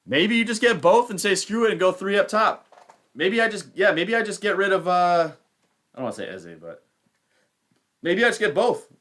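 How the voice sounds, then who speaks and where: A man's voice: high voice, big pitch swings, moderate pace, long pauses, fairly bright tone. Rambling man thinking aloud on stream. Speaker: fantasy football livestream host. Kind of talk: casual live-stream commentary.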